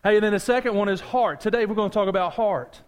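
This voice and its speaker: A pastor delivers a sermon with animated, conversational energy, speaking directly to his congregation and slipping in asides and jokes. His voice sits high and rings clear and resonant, and he talks fast.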